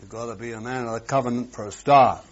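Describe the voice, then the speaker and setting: A man preaching a sermon, swinging between loud, emphatic exclamations and hushed asides. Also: mid-range voice, fairly even intonation, fast talker. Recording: dull lo-fi sermon recording.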